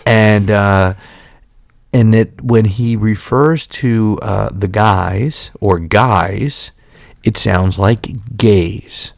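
A male podcast host tells casual, rambling anecdotes, restarting often and laughing. His voice is on the low side with drawn-out words and vocal fry, in clean studio sound with no echo.

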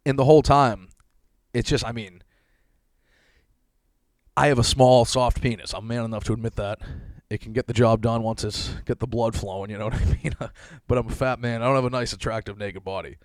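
A man's voice: mid-range voice, fairly even intonation, brisk, no room sound. A man in his thirties hosting a casual solo podcast, telling a rambling, self-deprecating story full of swearing and frequent laughs. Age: 30s. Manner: laughs often while telling stories. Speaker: podcast host.

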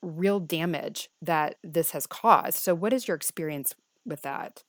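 A middle-aged woman hosting a podcast, telling a family story casually with lively quoted speech. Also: low-pitched, a little slow, no echo, clean studio sound. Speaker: podcast host.

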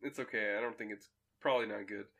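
A young man co-hosting a podcast, telling stories in an animated, laughing way. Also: lowish voice, quick pace, gravelly, breathy edge. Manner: animated and laughing, bursts of energetic storytelling. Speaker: podcast co-host. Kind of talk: casual chat.

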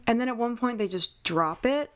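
A young woman co-hosting a casual podcast, chatting about a movie in an animated, incredulous way with lots of fillers. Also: a little high, moderate pace. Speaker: podcast co-host. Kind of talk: casual chat reviewing a movie.

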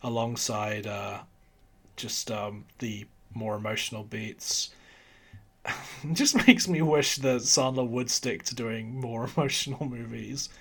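A man's voice: medium pitch, takes it slowly, creaky, slightly rough. A man co-hosting a casual film podcast, rambling with frequent giggles. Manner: giggly, rambling, laughs between remarks. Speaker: podcast co-host reviewing films. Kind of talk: casual chat.

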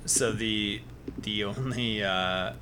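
A man's voice: on the low side, steady tone, slow pace, background noise. A man from Iowa co-hosting a casual sports podcast, laid-back and dryly teasing his co-host. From Iowa, USA.

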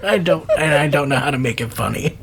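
A man's voice: on the high side, animated, fast, vocal fry, fairly bright tone, slight background noise. A man co-hosting a podcast, chatting casually in a giggly, rambling way and often cutting himself off. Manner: giggly, rambling, self-interrupting. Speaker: podcast co-host. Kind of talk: casual chat.

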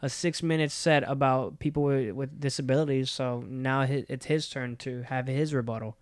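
Smooth-voiced young man chatting. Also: mid-range voice, moderate pace, no room sound, clean studio sound. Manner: relaxed storytelling with many fillers. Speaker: stand-up comedian and podcast host. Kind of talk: casual chat.

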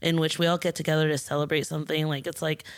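A woman co-hosting a casual chat, telling an animated story and acting out the people in it. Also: low voice, rapid-fire. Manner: animated storytelling with quoted voices and laughter.

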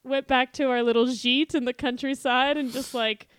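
A young adult woman in casual chat, telling an animated story full of quoted voices and frequent laughter. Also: sits high, moderate pace, clear, resonant tone, no echo. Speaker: guest telling a travel story.

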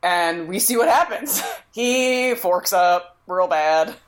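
A young woman with a lowish voice that swoops widely in pitch, talking about films in a loose, chatty way. She often restarts her sentences and laughs along while she makes her point. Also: expressive, slow. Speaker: podcast co-host. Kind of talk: casual movie discussion.

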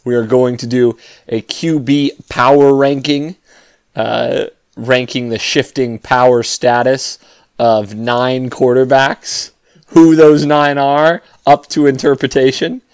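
A man's voice: mid-range voice, level tone, takes it slowly, clear, resonant tone, dry recording. A man hosting a casual sports podcast, opening with wry announcer-style intros and chatting with his co-hosts. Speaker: podcast host.

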